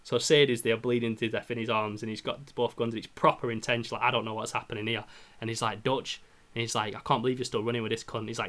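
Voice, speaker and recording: A man's voice: medium pitch, flat delivery, fast, fairly bright tone. A young man, retelling a game plot in casual podcast chat, swearing often and mimicking gunfire. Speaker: podcast host.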